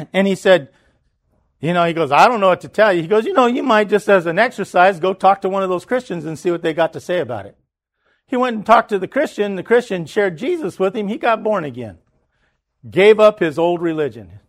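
A man preaching, telling a story in an animated way, often restarting and repeating words. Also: high voice, a little fast. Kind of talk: sermon storytelling.

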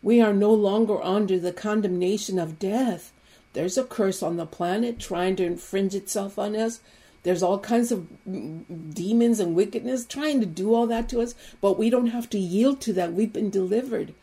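A woman preaching an Easter sermon with fervent, emphatic repetition that builds to loud exclamations. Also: mid-range voice, normal speed.

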